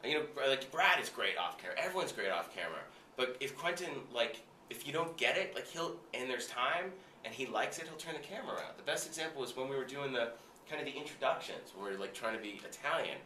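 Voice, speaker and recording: An excitable man tells loose anecdotes, leaning on "like" and the odd curse. His voice is bright and forceful. He sits back from the mic in a reverberant room with faint ambience behind him. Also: medium pitch, fast talker, distant mic, a little hiss or hum. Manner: animated, heavy filler "like", frequent swearing. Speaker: guest recalling film work. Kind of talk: casual anecdote telling.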